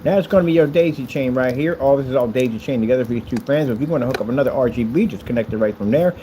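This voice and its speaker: A man's voice: mid-range voice, racing, warm tone, slight background noise, poor audio. A man casually walking through his custom PC wiring, chatty and boastful, with playful asides. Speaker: maker showing a custom PC build. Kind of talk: casual tutorial vlog.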